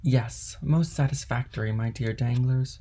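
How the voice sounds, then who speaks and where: A man voicing a kindly, eager older male ship owner in an audiobook reading, with a gravelly tone. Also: medium pitch, measured pace, warm tone.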